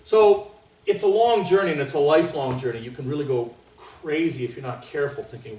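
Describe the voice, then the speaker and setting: A man from Canada leading a trumpet master class in a casual, joking way, with boastful asides and sudden loud exclamations. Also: medium pitch, fast talker, a little hiss or hum. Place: large room with an audience. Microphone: distant microphone. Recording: roomy, distant sound.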